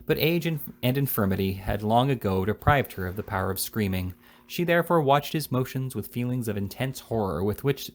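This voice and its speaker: Man reading a novel aloud casually. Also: fairly low pitch. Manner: unhurried reading with frequent small slips and restarts. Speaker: reader of a classic novel. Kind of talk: casual read-aloud narration.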